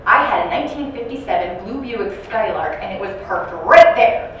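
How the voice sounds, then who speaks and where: A woman's voice: mid-range voice, animated, moderate pace, natural voice. A woman voicing an insistent older woman living in a care community, indignant and repeating her complaint. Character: older woman resident, insistent about her stolen car. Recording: echoey room from far off, noisy.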